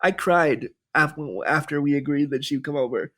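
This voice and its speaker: A man in his thirties, a podcast guest telling personal stories in a candid, animated way with lots of quoted dialogue. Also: on the high side, normal speed. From Canada. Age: 30s. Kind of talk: storytelling in a podcast interview.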